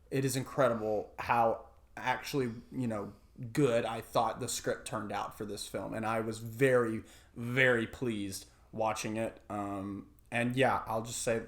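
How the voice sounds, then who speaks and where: A man on a movie podcast, talking eagerly and casually. He starts sentences over as his thoughts tumble out, and his voice stays in a normal middle pitch. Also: steady tone, a little slow. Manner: enthusiastic, hesitant restarts, frequent fillers. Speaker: podcast co-host. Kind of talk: casual movie review chat.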